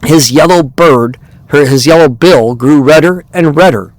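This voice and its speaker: A man reading a children's animal story aloud, slowly and expressively, as a podcast host. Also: fairly high pitch, no echo. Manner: slow and expressive. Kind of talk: storybook narration.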